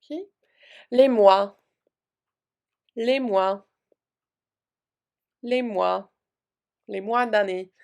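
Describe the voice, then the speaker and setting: A woman's voice: medium pitch, creaky, darkish tone. A young adult woman teaching a French vocabulary lesson, repeating each word patiently and giving the English after it. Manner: slow, patient drilling with repeated words. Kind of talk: vocabulary lesson, repeating words then translating.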